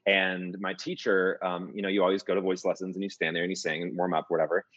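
A man who produces music and coaches voice, telling stories in a casual interview, jokey and animated, often restarting his sentences. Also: sits low, fast, no room sound. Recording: dull lo-fi dry recording.

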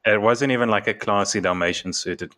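Brief: lower-voiced man with a slight lisp, relaxed sports chat, laughs a lot. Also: a little fast. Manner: chuckles often while talking. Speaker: podcast co-host. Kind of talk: casual chat.

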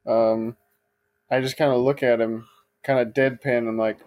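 A man playing a tabletop game on a stream, describing what his character does. He talks at a mid pitch, filling his pauses with ums. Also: level tone, a little mellow. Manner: hesitant, with ums and likes. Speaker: player.

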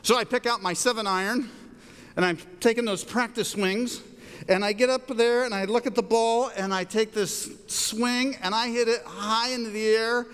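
A middle-aged male pastor preaching in a church sanctuary, his voice sitting high for a man. He tells stories in an animated way and climbs up sharply whenever he quotes someone. The sound carries a long, ringing reverb from the hall. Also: normal speed, clean tone. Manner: animated storyteller, rises high for quoted lines. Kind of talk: sermon with storytelling.

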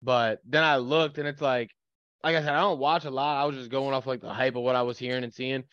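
Fast-talking man on a dull mic. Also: mid-range voice, steady tone, a bit bright, smooth, no echo. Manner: blunt, teasing, profane. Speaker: podcast co-host. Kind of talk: casual sports chat.

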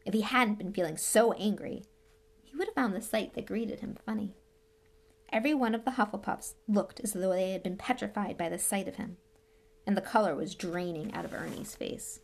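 Female audiobook narrator, steady and even. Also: medium pitch, gravelly. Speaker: audiobook reader. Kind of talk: storybook narration.

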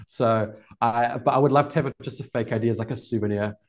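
Podcast guest: New Zealand man in his twenties, relaxed and rambling. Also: mid-range voice, quick pace. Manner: relaxed, rambling, laughs often. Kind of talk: casual storytelling interview.

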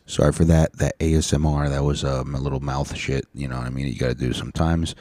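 A man hosting a casual solo podcast, tired and rambling, profane, sometimes breaking into loud rants, speaking into a mic on a stand. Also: a bass voice, steady tone, quick pace, dry recording. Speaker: podcast host. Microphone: studio mic on a stand.

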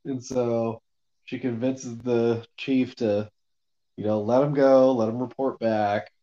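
Slow, mellow-voiced man recapping a book. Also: mid-range voice, level tone, dull audio. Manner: rambling, filler-heavy, swears casually. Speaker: podcast co-host recapping a book. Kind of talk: casual book discussion.

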